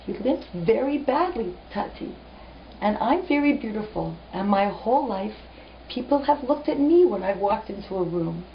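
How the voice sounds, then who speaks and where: A woman voicing a vain young daughter who pleads softly with her father in a told story. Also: mid-range voice, lively intonation, moderate pace, far from the mic, a little hiss or hum, pitched above the performer's own voice, natural voice. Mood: pleading. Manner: soft, pleading, tearful. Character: young beautiful daughter, vain but remorseful. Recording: muffled lo-fi recording.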